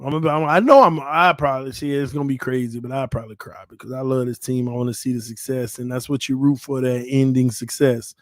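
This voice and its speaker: A man's voice: medium pitch, steady tone, brisk, few pauses, no echo, studio quality. A man hosting a fan channel livestream in casual chat, a little tipsy, playful and rambling, laughing often.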